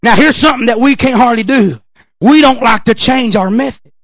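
A man preaching a revival sermon, with rhythmic shouted cadences and repeated calls of amen. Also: very high voice, brisk, no room sound, muffled recording.

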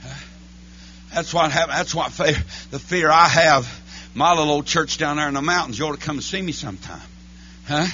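A man preaching a holiness church sermon, chanting his lines between breathy "uh, amen" beats. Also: on the high side, normal speed, bright, forceful tone, muffled recording, slight background noise. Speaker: pastor. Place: church sanctuary.

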